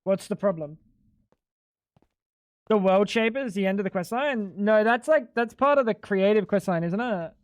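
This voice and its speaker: A high-voiced man chatting casually while he streams a game. He explains bluntly, often sounds exasperated and swears freely. His voice sits close and dry, with no room sound at all. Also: lively intonation, normal speed, pauses often, no room sound. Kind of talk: casual livestream chat while gaming.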